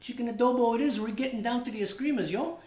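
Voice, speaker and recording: A man's voice: extremely high pitch, fast talker, darkish tone, roomy sound, pitched above the performer's own voice. A man voicing a laid-back male friend who teases him in a slangy way. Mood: teasing. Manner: slangy, teasing, says "yo" and "man".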